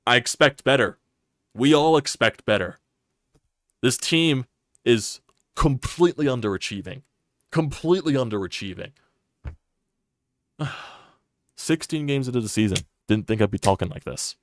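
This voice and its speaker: A man's voice: mid-range voice, animated, normal speed, pauses often, a bit bright, no echo, studio quality. A young man ranting on a live sports stream, frustrated and profane, repeating himself as he talks.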